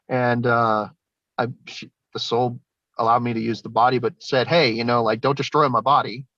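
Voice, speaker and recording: A man's voice: medium pitch, flat delivery, moderate pace, a bit bright, dry recording. A man telling his story in casual, rambling speech, swearing often and laughing between lines. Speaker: guest. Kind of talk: casual spoken testimony. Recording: dull lo-fi sound, dry.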